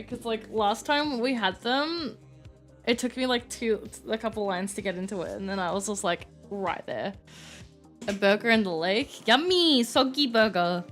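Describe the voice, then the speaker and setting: A woman's voice: fairly high pitch, a bit bright. A young woman streaming a game, flustered and laughing, who swears casually and talks to her chat. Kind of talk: live-streamed game playthrough.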